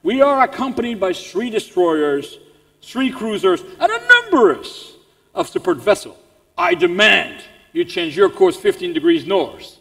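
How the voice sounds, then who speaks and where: A man's voice: high-pitched, huge pitch swings, unhurried, gravelly, sharp tone, exaggerated voice. French man putting on a pompous British naval captain. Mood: commanding. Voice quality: commanding, self-important. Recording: long reverb in a large hall.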